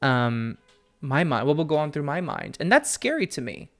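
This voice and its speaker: Earnest man with a gravelly voice. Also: fairly high pitch, very animated, normal speed, soft background music. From family from Peru. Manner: earnest, candid, often laughing softly. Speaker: podcast host, psychic medium. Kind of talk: reflective solo podcast talk. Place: at home with his dog.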